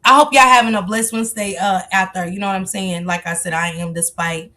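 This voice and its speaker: Woman doing a casual livestream, AAVE, keeps shouting out viewers by name, stretches her hellos. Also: mid-range voice. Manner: greets chat viewers by name, drawn-out excited calls. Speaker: livestream host.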